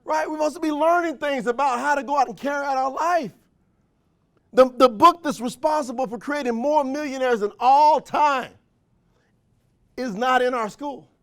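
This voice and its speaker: A man with a high, bright-sitting voice delivers a motivational speech in an event room. He talks in folksy, countrified phrasing and leans on call-and-response, firing question after question at his listeners. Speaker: motivational speaker at a sales training.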